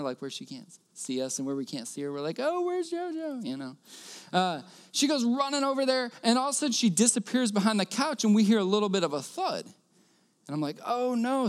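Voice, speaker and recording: A man's voice: high voice, clear, resonant tone. A man preaching a sermon, telling a personal story earnestly and repeating key phrases.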